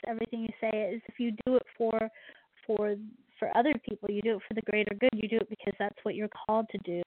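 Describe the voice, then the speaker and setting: A woman's voice: mid-range voice, level tone, quick pace, slight background noise. A woman, a fellow radio host, giving heartfelt, emotional thanks and often repeating herself. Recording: dry tinny phone line.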